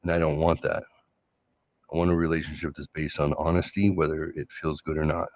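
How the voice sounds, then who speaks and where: A middle-aged man hosting a solo late-night show, talking through love and conflict in a sarcastic, reflective way with many halting restarts. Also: a bass voice, flat delivery, darkish tone, no room sound. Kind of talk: late-night personal monologue.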